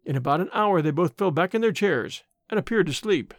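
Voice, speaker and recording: A man narrating a story in a measured audiobook reading. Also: high voice, lively intonation, no echo, clean studio sound.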